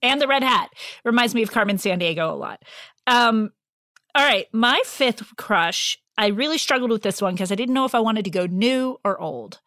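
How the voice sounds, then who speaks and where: A woman's voice: a little high, lively intonation, normal speed, a bit bright, no room sound, studio quality. A woman co-hosting a podcast, chatting casually and playfully. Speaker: podcast co-host. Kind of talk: casual chat.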